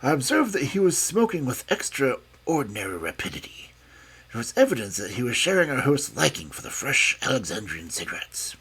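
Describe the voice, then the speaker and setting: A man reading a classic detective story aloud, narrating in an expressive way. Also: mid-range voice, fairly quick, slightly rough.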